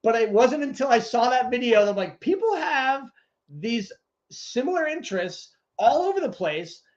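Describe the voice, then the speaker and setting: Man animated, profane podcast co-host. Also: extremely high pitch, moderate pace, dull audio. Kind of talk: casual chat.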